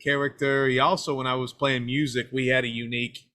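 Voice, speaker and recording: A man's voice: medium pitch, little pitch movement, a little fast, sharp tone. Rambling, joking man guest. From Knoxville, Tennessee. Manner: rambling, self-deprecating joking. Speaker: guest filmmaker. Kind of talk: casual interview chat.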